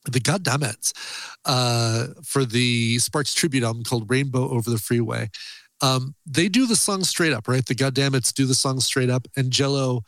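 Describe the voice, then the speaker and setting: A man co-hosting a music podcast, chatting in a relaxed way about cover songs, with plenty of ums and uhs. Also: medium pitch, normal speed, no room sound. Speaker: podcast co-host. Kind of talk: casual music podcast chat.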